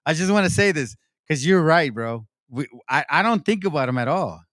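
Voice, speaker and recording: A man with a high, lively voice leads a loose conversation and tells his stories animatedly. He acts out the people he quotes and curses freely. His voice swings widely in pitch, and the recording is dry and close. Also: normal speed, no room sound. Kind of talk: casual discussion.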